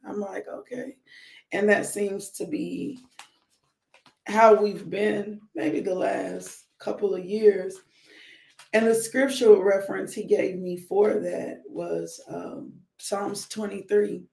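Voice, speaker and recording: A woman leading a live-streamed morning devotional, speaking warmly to her viewers and breaking into whoops and laughter. Her voice has a gravelly, creaky texture at mid pitch. The sound is roomy and echoey. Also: steady tone, slow. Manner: conversational preaching, addresses viewers directly. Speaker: devotional host.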